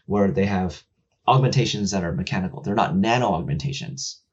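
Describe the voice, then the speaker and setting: A man in casual chat with a low, husky voice, rambling and swearing through many fillers. He acts out the characters' lines as he retells a story. The sound is dull and lo-fi. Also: fairly quick. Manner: gets loud and excited when making a point.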